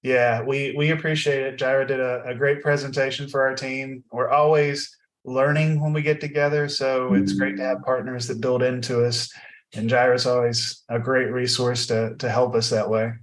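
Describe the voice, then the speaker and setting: A man hosting a tech podcast in a casual, friendly way, often pausing with fillers. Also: mid-range voice, flat delivery. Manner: friendly, halting, many fillers. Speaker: podcast host.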